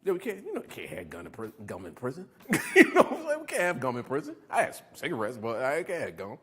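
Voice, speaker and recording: There is background noise as a fast-talking middle-aged man with a mid-range voice gives a motivational recovery talk to a live crowd. He tells stories with animation, laughs, and quizzes the audience.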